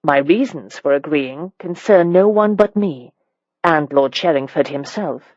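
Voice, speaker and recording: A woman's voice: deep voice, expressive, measured pace, a little mellow, no room sound, muffled recording. A reader voicing a composed, courteous but firm woman of good standing in an audiobook. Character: calm, composed woman of rank, firm and polite. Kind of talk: audiobook character reading.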